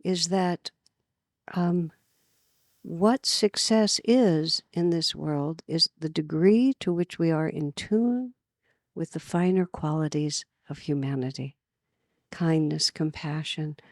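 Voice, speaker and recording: A woman's voice: low voice, slow pace, no room sound. Earnest woman teacher, dry close sound. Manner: earnest, storytelling, lively emphasis. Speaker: spiritual teacher. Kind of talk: inspirational spiritual talk. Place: retreat gathering.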